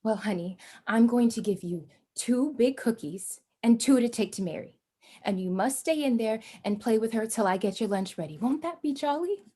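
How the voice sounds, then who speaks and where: A woman playing a tender young mother in a stage play, speaking softly and achingly. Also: a little high, lively intonation, moderate pace, breathy edge. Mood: anxious.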